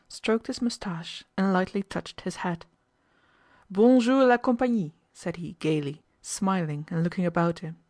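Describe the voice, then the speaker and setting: A woman reading a novel aloud as an audiobook narrator, steady and measured. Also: lowish voice, no room sound, studio quality.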